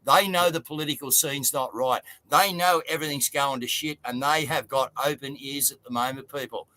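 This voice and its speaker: A man's voice: medium pitch, fairly even intonation, moderate pace, bright, forceful tone. An Australian man co-hosting a livestream, telling stories in a blunt, casual way and calling people "mate". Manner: blunt, storytelling, lots of "mate". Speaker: co-host.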